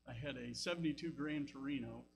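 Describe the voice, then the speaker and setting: Older Southern pastor, rambling homey sermon style, noisy humming recording. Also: male voice, mid-range voice, brisk, vocal fry. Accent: Southern American. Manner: folksy storytelling with asides. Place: church sanctuary.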